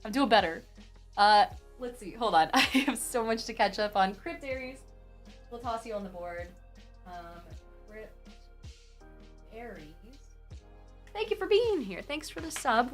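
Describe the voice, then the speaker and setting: A young woman live streaming from her phone, chatting casually with viewers in a rambling, animated way and swearing freely. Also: mid-range voice. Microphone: phone mic.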